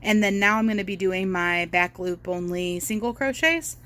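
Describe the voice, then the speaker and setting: A woman's voice: mid-range voice, normal speed, a bit bright. A young woman chatting casually as she walks through a crochet project at home, with lots of fillers and self-corrections. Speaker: crochet vlogger. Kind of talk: casual how-to chat while crocheting.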